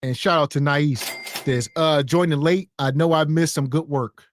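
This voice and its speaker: A man's voice: fairly high pitch, fairly even intonation, normal speed, a little hiss or hum. A man co-hosting a podcast, joking in slang and reading out chat comments. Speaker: podcast co-host.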